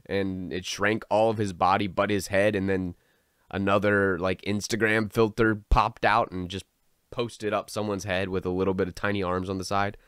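A man's voice: low-pitched, level tone, normal speed, fairly bright tone, clear, resonant tone, no room sound, clean studio sound. A man giving a sarcastic, mocking commentary in a video about a film writer. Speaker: online commentator. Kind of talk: commentary vlog.

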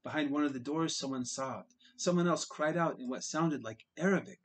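A man's voice: fairly high pitch, normal speed, low-quality recording. A man narrating a novel in the first person, earnest and dramatic in places. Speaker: audiobook reader. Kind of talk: audiobook narration.

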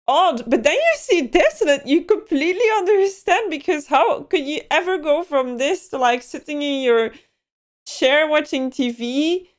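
A woman's voice: high-pitched, animated, normal speed. A young woman giving a first-time movie reaction, emotional and given to gasps and exclamations.

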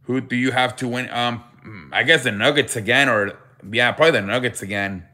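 A man hosts a loose live sports stream, greeting viewers by name and reading their chat aloud. His voice is bright and forward, sitting at an everyday middle pitch, and he keeps repeating "I beg your pardon" as a running joke. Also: brisk.

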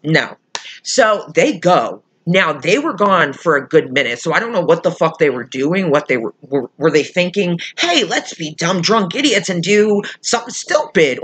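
A woman's voice: sits low, a little hiss or hum. Heated, profane woman telling a story. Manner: heated, profane, animated retelling with quoted voices. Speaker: vlogger. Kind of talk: angry storytime vlog.

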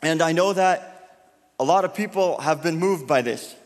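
A youth pastor with a slightly high voice speaks at normal speed in a church hall with big-room sound. He delivers a casual sermon and prayer to the gathering in a loose, chatty style with lots of fillers.

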